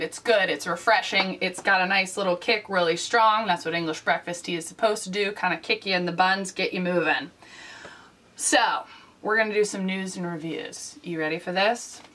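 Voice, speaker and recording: A woman hosting a casual comedic vlog, delivering wry, deadpan asides. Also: mid-range voice, far from the mic. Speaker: vlog host.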